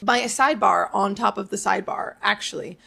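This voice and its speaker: A woman's voice: mid-range voice, fairly quick, gravelly, sharp tone, husky. A woman in her late twenties co-hosting a podcast, chatting casually and rambling through stories with lots of fillers. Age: late 20s. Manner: rambling, filler-heavy storytelling. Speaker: podcast co-host. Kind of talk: casual chat.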